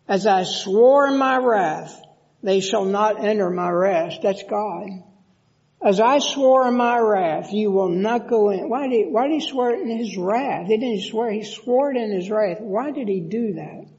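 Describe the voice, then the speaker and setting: A male pastor preaching a sermon, reading scripture aloud and then explaining it slowly with emphasis. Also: high-pitched, creaky, a little mellow. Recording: dull lo-fi recording in a reverberant hall.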